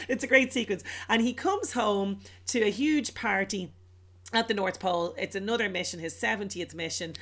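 A woman's voice: mid-range voice, moderate pace, fairly bright tone. A woman co-hosting a casual chat, retelling a film with laughter and put-on voices. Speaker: podcast co-host.

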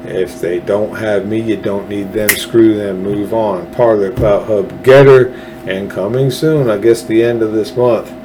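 A man's voice: on the low side, a little slow, noisy background. A man hosting his own podcast, ranting bluntly and heatedly about politics and swearing freely. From Texas. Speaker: podcast host. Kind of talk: angry political rant.

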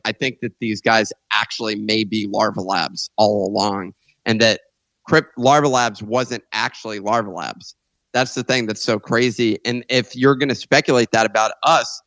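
A man co-hosting a casual podcast, jokey and quick to laugh, often restarting his sentences. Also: fairly low pitch, bright, forceful tone, no room sound. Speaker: co-host.

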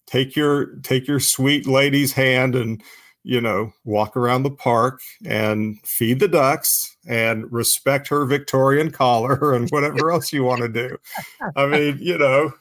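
A man's voice: medium pitch, steady tone, unhurried, a bit bright, no room sound, clean studio sound. Rambling man on a live stream. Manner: rambling, heavy use of "you know" fillers, profane. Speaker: guest on a live-streamed discussion. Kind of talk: casual live-stream chat.

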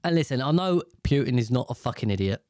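A man's voice: mid-range voice, animated, quick pace, darkish tone, no room sound, clean studio sound. A British man from the UK in a casual, rambling monologue, swearing freely and airing strong opinions. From United Kingdom.

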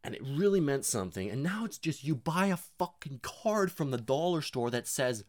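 A man's voice: fairly high pitch, big pitch swings, moderate pace, darkish tone, no echo, clean studio sound. A young man rambling casually and profanely in a self-deprecating monologue, full of fillers and restarts.

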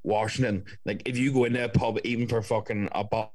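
A man's voice: lowish voice, steady tone, quick pace, a little mellow, dry recording. A young man, telling stories in a casual chat and swearing often. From Ireland. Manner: storytelling, swearing, doing voices of others.

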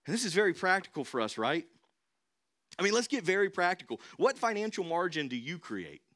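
A man's voice: high voice, sing-song, brisk, a bit bright. Emphatic young male pastor preaching. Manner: emphatic, repeats key phrases, asks the congregation questions. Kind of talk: sermon.

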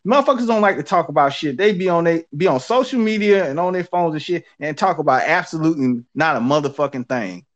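A man in casual chat, talking in an animated, profane street manner. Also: a little high, fast talker, few pauses. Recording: dull lo-fi audio.

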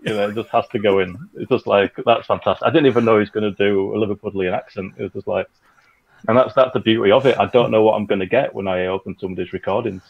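A man with a low, gravelly voice chats loosely and rambles, full of fillers. His recording sounds a little dull and lo-fi. He is describing his own audio drama production. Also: fairly even intonation, quick pace. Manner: rambling, chatty, filler-heavy. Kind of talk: casual chat.

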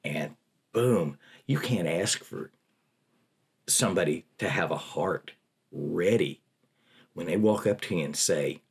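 Low husky older man telling stories. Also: takes it slowly, long pauses. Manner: folksy, animated storytelling. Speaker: prison ministry volunteer. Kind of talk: telling personal stories in an interview.

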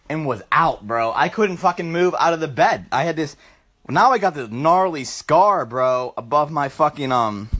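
Rowdy young man with a lively, high voice. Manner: profane, loose, peppered with "bro" and sound effects. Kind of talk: crude comedic storytelling rant.

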